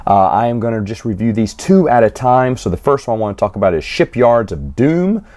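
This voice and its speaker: A man giving a casual, rambling solo review of comic books, with frequent restarts and quick snatches of acted dialogue. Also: mid-range voice, lively intonation, a little mellow.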